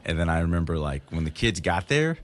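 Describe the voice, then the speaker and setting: A very low-voiced man chats casually as a podcast guest. He tells his story with energy and jumps into high, lively voices when he quotes people. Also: a little fast, slight background noise. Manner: animated storyteller acting out voices of others.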